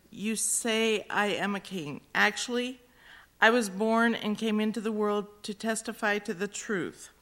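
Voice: medium pitch, a bit bright. A plain voice reading scripture aloud, with a few small slips. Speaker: scripture reader. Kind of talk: Bible reading.

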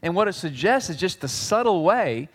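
A male pastor preaches in a lively, animated, conversational way, his voice sitting high and swinging widely in pitch. His words ring out in a church hall with a long, echoing reverb. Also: moderate pace. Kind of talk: sermon.

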